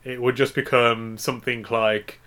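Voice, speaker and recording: Male co-host, bright ringing voice, jokey and giggly, loose banter. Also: medium pitch, little pitch movement, moderate pace. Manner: jokey, giggly, rambling wordplay. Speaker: podcast co-host. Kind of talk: casual comedic chat.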